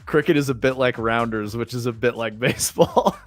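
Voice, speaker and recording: A young American man telling rambling, profane stories on a livestream, with lots of likes and fillers. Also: mid-range voice. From United States. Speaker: streamer. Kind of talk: casual storytelling on a livestream. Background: faint music.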